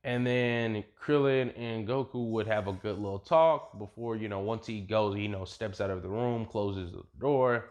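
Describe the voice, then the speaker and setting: A man's voice: on the low side, normal speed, few pauses, a little mellow. A young adult man casually retelling a fan what-if story, rambling, profane and full of slang.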